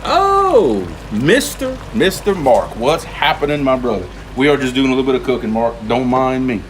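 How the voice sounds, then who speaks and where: A man's voice: mid-range voice, brisk, a little hiss or hum. Man, livestream host, home kitchen, easygoing, joking. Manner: joking, easygoing, tells jokes. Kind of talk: casual live stream chat while cooking.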